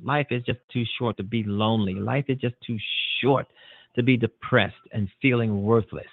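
A man's voice: medium pitch, normal speed, creaky, no echo. A man hosting a talk show, earnest and rambling, with frequent repeats and fillers as he signs off. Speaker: radio talk show host. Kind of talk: closing monologue of a call-in show. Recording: dry, tinny phone-like audio.

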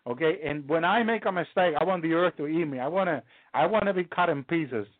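A man preaching a live testimony, halting and restarting often and peppering his talk with hallelujah. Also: on the high side, dry recording. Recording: tinny phone-line sound, dry.

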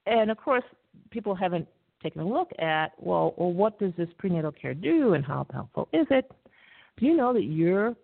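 A woman hosting a talk radio show, lecturing in a measured way with frequent pauses and fillers. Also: lowish voice, no room sound. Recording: tinny dry phone-line audio.

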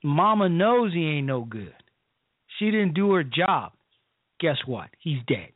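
A man's voice: on the high side, big pitch swings, dry recording. A man from the south side of Chicago hosting a call-in radio talk show, delivering blunt, emphatic commentary. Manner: slow, emphatic, preachy. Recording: dry, phone-like call-in radio line.

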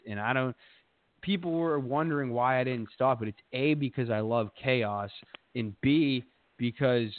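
A man hosting a podcast, telling a rambling, profane story in a boastful casual way. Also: on the low side. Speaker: podcast host. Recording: tinny phone-like dry sound.

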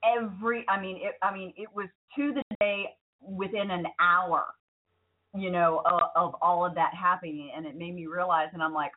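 A woman's voice: lowish voice, steady tone, moderate pace. A woman co-hosting a talk show, sharing personal stories in a candid, reflective way. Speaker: radio talk show co-host. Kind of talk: casual chat. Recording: tinny phone-like line.

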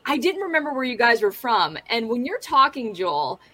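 A woman's voice: a little high, very animated, moderate pace, pushed and bright. A woman from Pittsburgh with a Pittsburgh accent, a guest chatting casually in an interview, friendly and reflective. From Pittsburgh, USA. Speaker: guest, YouTuber.

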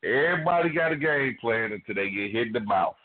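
A man's voice: mid-range voice, lively intonation, quick pace. A man co-hosting a radio talk show, chatting casually and profanely, rambling with many fillers. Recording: phone-like narrow band.

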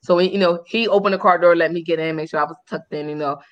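A woman co-hosting a podcast in loose casual chat. She tells stories in a rapid, animated rush and is blunt and unfiltered, swearing freely. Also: on the low side, dull audio. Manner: candid, animated storytelling with frank profanity. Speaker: podcast co-host.

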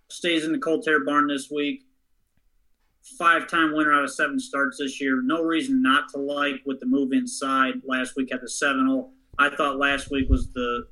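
A man's voice: medium pitch, sharp tone, rough recording. A man on a racing panel explaining his pick in a plain, confident way. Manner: matter-of-fact, confident. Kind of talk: casual handicapping talk.

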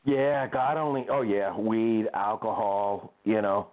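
An older man, a guest musician, telling tour stories in an interview in an animated, laughing way. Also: fairly low pitch, slow. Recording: tinny phone-like line.

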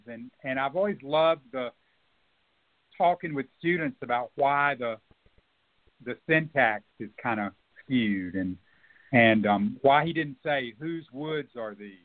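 Guest novelist, male, thoughtful and halting, plenty of ums; narrow phone-quality sound. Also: mid-range voice. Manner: reflective, hesitant with many fillers and restarts. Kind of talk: radio interview conversation.

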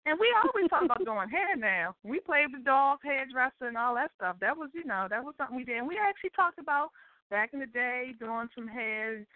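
High lively woman on a phone line. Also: a little fast, no echo. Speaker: guest, host's sister. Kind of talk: casual conversation. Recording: tinny phone-line call audio.

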